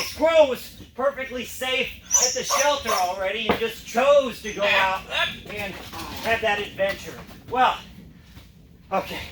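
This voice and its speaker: Brief: male performer, very high voice, playful, talks to his dogs, echoey and far. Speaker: juggler and dog trick performer. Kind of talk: storytelling to an audience during a show. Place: performance space. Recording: echoey room from far off, noisy.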